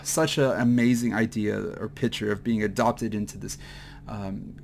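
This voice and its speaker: A man's voice: on the low side, steady tone, gravelly, darkish tone, slight background noise. Emotional man teaching from the Bible. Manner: halting, many fillers and restarts. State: choked up, emotional. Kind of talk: mid-week Bible teaching.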